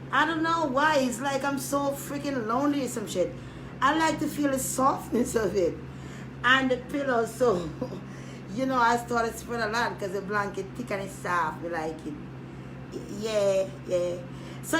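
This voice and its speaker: A woman rambling casually to camera, joking loudly, swearing and trailing off into mutters. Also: fairly high pitch. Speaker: vlogger. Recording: echoey room, noisy background.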